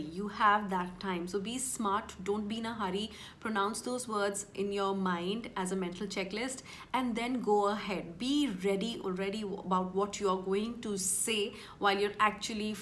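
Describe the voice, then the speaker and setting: A woman coaching cabin crew candidates, speaking clearly and deliberately and stressing key words. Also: mid-range voice, slight background noise. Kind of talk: instructional video talk.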